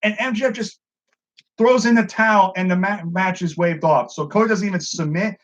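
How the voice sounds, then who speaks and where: A high-pitched man talks wrestling in a loose, foul-mouthed review, getting worked up and playing out the wrestlers' lines himself. The recording is a little dull and lo-fi. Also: fairly quick. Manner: excitable, swears a lot, acts out quotes. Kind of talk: casual profane commentary. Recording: dull lo-fi sound.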